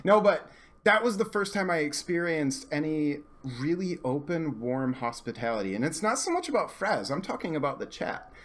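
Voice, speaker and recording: A male podcast host chatting casually. His pitch runs a bit high and leaps around a lot as he talks. He is animated and self-deprecating, and he laughs often. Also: normal speed. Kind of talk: casual chat.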